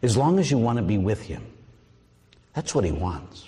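Animated priest preaching in a hall. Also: male voice, lowish voice, moderate pace. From Pittsburgh, USA. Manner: animated, storytelling with acted-out voices. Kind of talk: sermon.

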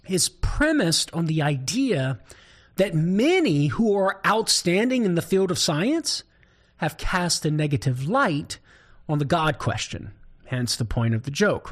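A Cajun man with a slightly high voice hosts a talk show, delivering his commentary in a lively, swooping way. He tells stories with plenty of chuckles and varies his pace. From southern Louisiana. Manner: animated storyteller, chuckles often. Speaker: show host, Catholic apologist.

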